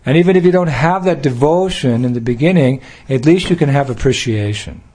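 A man's voice: medium pitch, lively intonation, a little fast, darkish tone. An older American man giving a devotional talk, playful, acting out little scenes and laughing along. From United States. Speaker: spiritual teacher.

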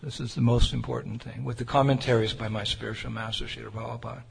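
A man's voice: medium pitch, little pitch movement, fast, gravelly, husky. A man preaching a sermon, telling a personal story in an earnest, conversational way. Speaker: Hare Krishna preacher. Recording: reverberant hall with faint noise.

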